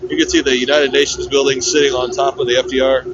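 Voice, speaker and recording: A man's voice: medium pitch, level tone, fast, lo-fi sound. Laid-back man on a noisy ferry. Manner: laid-back, chatty, jokey. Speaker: vlogger. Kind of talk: casual livestream tour narration. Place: outdoor deck of a river ferry.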